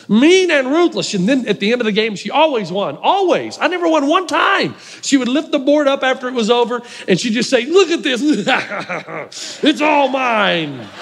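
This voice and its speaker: A man preaching a sermon as a pastor, telling humorous, animated stories to a congregation. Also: sits high, noisy background. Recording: echoey hall reverb.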